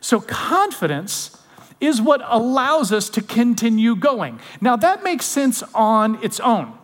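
A man with a high voice delivers a conversational sermon as a pastor. He often drops to soft, intimate tones. His voice rings with a long hall reverb. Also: very animated, slow pace.

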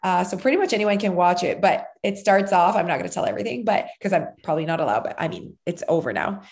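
A woman's voice: fairly low pitch, animated, quick pace, a little mellow. Chatty woman telling a rambling story. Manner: rambling, filler-heavy storytelling with acted-out quotes. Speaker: podcast co-host, mother of a child actor. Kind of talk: casual chat.

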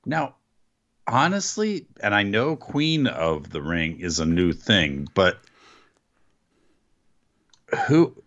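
A man's voice: on the low side, expressive, slow pace, pauses often, fairly bright tone, lo-fi sound. A man co-hosting a casual wrestling recap chat, sounding annoyed and indignant. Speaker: podcast co-host.

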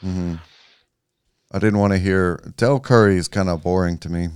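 A man co-hosting a sports podcast, chatting casually about basketball in a relaxed way, with restarts and trailing phrases. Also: low-pitched, normal speed, clean tone, no room sound, studio quality. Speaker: podcast co-host.

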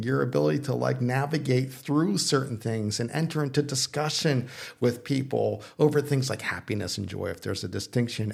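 A man's voice: medium pitch, creaky, a little mellow. A male pastor in casual discussion, thinking aloud with restarts and checking in with "okay?", sometimes teasing. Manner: playful, teasing. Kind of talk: casual discussion on faith and philosophy.

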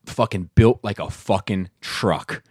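A man with a low voice chatting casually as a co-host, spinning loose anecdotes with plenty of swearing. The sound is dry and close, with no room around it. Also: measured pace, slightly rough, no echo. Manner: animated storyteller, swears freely. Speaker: podcast co-host. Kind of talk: casual chat.

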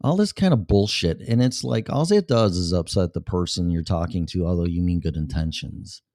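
Deep-voiced, blunt male show host. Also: expressive, normal speed, darkish tone, dry recording, studio quality. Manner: blunt, profane, talks straight to a listener. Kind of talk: casual talk to listeners.

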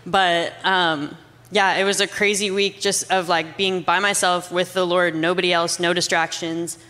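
Bright-voiced young woman, rambling chat. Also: lowish voice, flat delivery, moderate pace, long reverb tail. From Canada. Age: young adult. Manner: rambling, fills speech with "like". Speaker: guest. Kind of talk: casual testimony chat.

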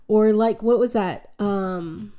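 A woman telling stories in a lively, chatty way, acting out what people said. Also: medium pitch, slow. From United States. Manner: animated, chatty, acts out quotes in her story. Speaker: guest. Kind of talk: casual conversational storytelling.

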